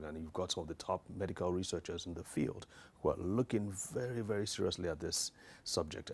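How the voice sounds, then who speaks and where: Deep-voiced man giving a health talk. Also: breathy edge. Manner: earnest, hesitant, frequent restarts and fillers. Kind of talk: informal educational health talk.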